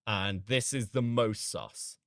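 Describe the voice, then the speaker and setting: A man's voice: fairly low pitch, slow pace, fairly bright tone, slight background noise. A man hosting a reaction commentary, sarcastic and incredulous, swearing often. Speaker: commentary host.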